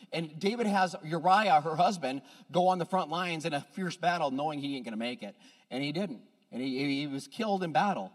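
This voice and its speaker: High-voiced man preaching in a reverberant hall. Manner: conversational storytelling with direct asides to the audience; emphatic, swings between hushed and loud. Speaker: pastor. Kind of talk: sermon.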